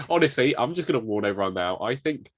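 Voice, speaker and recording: A man's voice: medium pitch, lively intonation, fairly quick, husky, dry recording. A young man from England, co-hosting a podcast in joking, self-deprecating chat while ill with covid. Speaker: podcast co-host. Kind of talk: casual chat.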